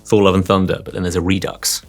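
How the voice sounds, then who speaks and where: Joking British film critic asking questions. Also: male voice, sits low, level tone, fast talker, soft background music. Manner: playful and jokey, with rambling questions. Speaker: radio film critic and interviewer. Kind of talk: casual interview.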